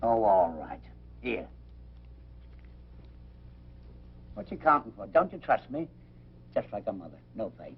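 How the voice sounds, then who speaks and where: An actor playing a blustering, cantankerous old pub landlord, gruff and theatrical, with a raspy voice on a dull old film soundtrack. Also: male voice, on the low side, sing-song, normal speed. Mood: grumbling. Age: older. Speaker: pub owner.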